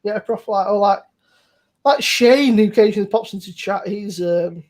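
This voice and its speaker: A woman's voice: medium pitch, normal speed, a little mellow. A woman hosting a casual chat over beers, rambling, laughing and swearing freely. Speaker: host.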